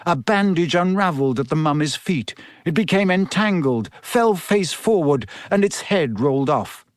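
A man narrating a story with expressive, animated delivery that rises and falls a great deal. His voice sits a little high for a man. The recording is close and dry. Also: moderate pace, no room sound. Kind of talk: scripted narration.

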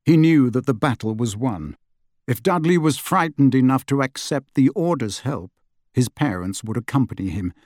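A man narrates an audiobook in an expressive, storytelling style, reading from a script. His voice is medium-pitched and moderately paced, recorded with studio quality and no echo.

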